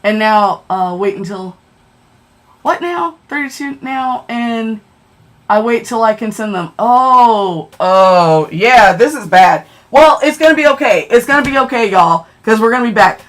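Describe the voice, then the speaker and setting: A woman's voice: mid-range voice, lively intonation, moderate pace, a bit bright. Chatty woman hosting a livestream. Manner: chatty, keeps tagging lines with "okay?"; greets and answers viewers by name. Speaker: livestream host. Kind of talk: casual livestream chat with viewers.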